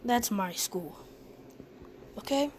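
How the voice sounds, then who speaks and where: A woman's voice: mid-range voice, lively intonation, slow pace, a little mellow, slight background noise. A woman voicing a cocky teenage boy bully who taunts in slang. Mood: taunting. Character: cocky cruel teen boy bully, loud and mocking.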